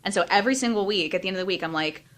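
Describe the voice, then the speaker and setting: A woman in her thirties, a life and business coach, talking openly and emotionally in an interview, with quick bursts of speech and many fillers. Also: mid-range voice, a bit bright. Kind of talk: candid interview conversation.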